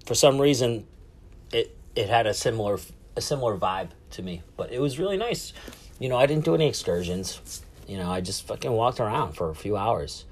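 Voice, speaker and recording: A man's voice: lowish voice, big pitch swings, fairly quick, breathy edge. Man, solo podcast host, rambling, profane, self-mocking, casual chat. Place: cabin aboard a cruise ship.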